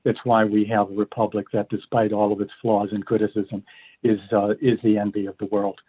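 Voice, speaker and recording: An older man, a law professor, explaining cases in an interview in a measured way, often pausing to restart. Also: lowish voice, level tone, slightly rough. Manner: measured, many fillers and restarts. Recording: phone-like line.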